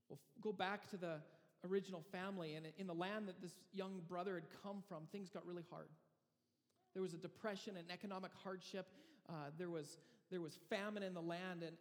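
A man preaching a sermon, telling a story with dramatic pauses and frequent restarts. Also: sits high, long reverb tail. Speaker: pastor.

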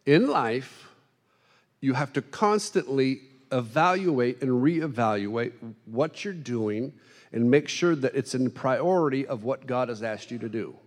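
A man preaching a sermon, telling funny stories in an animated, self-deprecating way to a congregation. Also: medium pitch, a little slow. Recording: long hall reverb.

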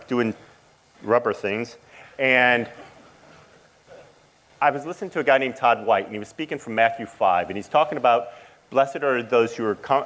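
A middle-aged man sharing an emotional personal testimony as a father, speaking haltingly with frequent restarts. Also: medium pitch, fairly bright tone, poor audio. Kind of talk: personal testimony to a church audience.

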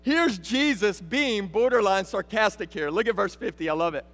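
A man with a Texan accent preaching a lively sermon as a guest speaker, talking to the congregation and calling out to them. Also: sits high, moderate pace, in a large hall. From Texas. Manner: animated, rising to emphatic calls. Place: church sanctuary.

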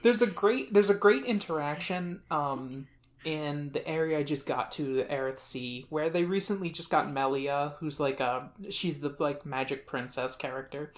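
A woman in a casual chat about video games, animated and acting out character lines between laughs. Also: sits low, normal speed, slight background noise.

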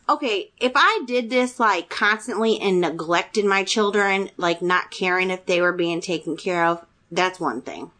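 A woman in her thirties tells a personal story in casual chat. She sounds chatty and animated, and her voice jumps up whenever she acts out what someone said. Her pitch sits in the middle for a woman. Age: 30s.

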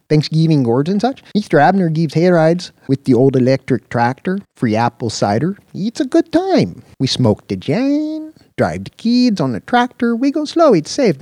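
A cheerful, easygoing limo pilot with a thick Mexican accent, as a male narrator puts him on. He speaks high and loud in broken, enthusiastic English, his pitch bouncing all over the place, with a mellow tone on a dry recording. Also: dry recording.

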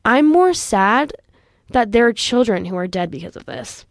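A young woman in her late teens hosts a youth radio show, delivering impassioned personal commentary. Her voice is a little high and animated at a moderate pace, and she sounds earnest and frustrated, saying "like" often.

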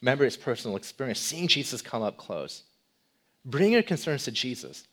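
Man preaching with swinging loudness. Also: brisk. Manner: animated, swings between loud emphasis and soft low delivery; rhetorical questions to the congregation. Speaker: pastor. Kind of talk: sermon.

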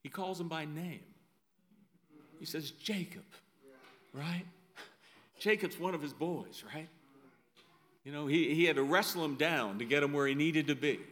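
A man's voice: a little high, normal speed, pauses often, fairly bright tone. A middle-aged male pastor preaching a sermon in a conversational way, often adding "right?" asides.

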